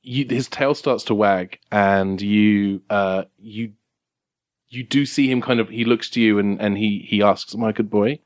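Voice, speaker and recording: A man narrating as game master of a tabletop game, halting and restarting as he describes scenes, recorded at a game café. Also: fairly low pitch, steady tone.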